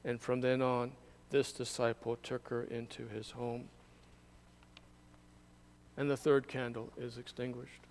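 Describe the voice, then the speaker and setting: A man reading scripture aloud at a candle service, in a measured, solemn way. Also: medium pitch, flat delivery, a little mellow, slight background noise. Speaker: scripture reader.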